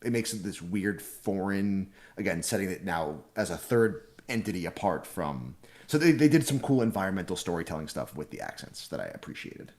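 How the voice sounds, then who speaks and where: A man co-hosting a podcast, explaining his views in a measured, analytical way. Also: low-pitched, expressive, a little mellow. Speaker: podcast co-host. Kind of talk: casual chat.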